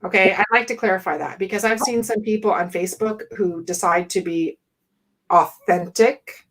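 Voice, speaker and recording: Blunt, animated woman coach. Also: mid-range voice, fairly quick, rough recording. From West Indian family. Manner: blunt, animated, laughs often. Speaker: business coach. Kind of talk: podcast conversation.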